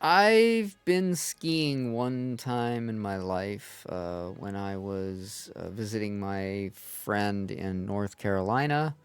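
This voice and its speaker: A man's voice: fairly low pitch, slow, few pauses, smooth. A man hosting a gaming stream, chatting casually and rambling with frequent fillers and laughs.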